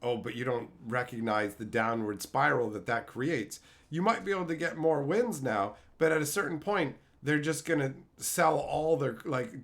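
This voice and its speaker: A man in his thirties chatting casually on a live stream, telling stories and shouting out loud quotes. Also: mid-range voice, moderate pace, gravelly, hardly any pauses. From Canada. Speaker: streamer opening card packs.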